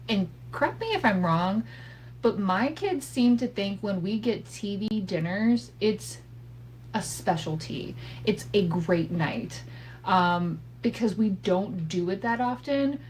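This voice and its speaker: On her podcast, a thirties-aged host with a medium-pitched, darkish voice tells a family story in a casual monologue, swearing freely, laughing, and drifting into asides. The low-quality audio picks up a faint hum from her home setup.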